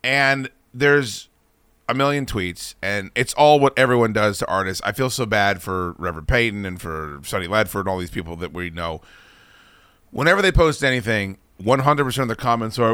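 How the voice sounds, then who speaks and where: With a smooth, medium-pitched voice at normal speed, this radio show host chats casually and rants, his animated venting full of profanity. The recording is dry.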